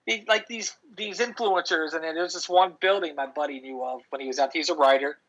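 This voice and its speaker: Husky-voiced man rambling through a story. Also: a little high, a little fast, a bit bright. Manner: rambling storyteller, many restarts and "dude". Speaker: podcast co-host. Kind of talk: casual chat. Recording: dull lo-fi audio.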